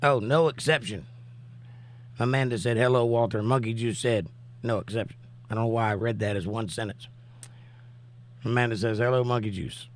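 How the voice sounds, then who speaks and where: A man hosts a casual livestream, reading viewers' comments aloud in an easy, chatty way. His voice sits at an ordinary middle pitch. He is still getting his voice back after days of coughing. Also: moderate pace, long pauses. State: recovering voice, coughing. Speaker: livestream host. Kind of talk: casual live-chat commentary.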